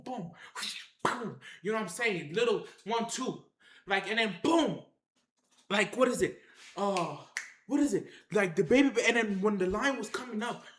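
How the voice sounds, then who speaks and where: A man's voice: high-pitched, reverberant. A man telling a rambling story on a livestream, repeating himself and calling out to his chat. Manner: animated, repetitive, addresses the chat directly.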